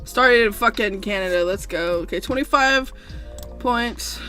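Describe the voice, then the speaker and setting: A young woman streaming a strategy game, cursing a lot and going from loud frustrated outbursts to quiet rambling explanations. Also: medium pitch, unhurried. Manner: swears often, swings from shouting rage to mumbled explaining. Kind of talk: casual gameplay commentary. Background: faint background music.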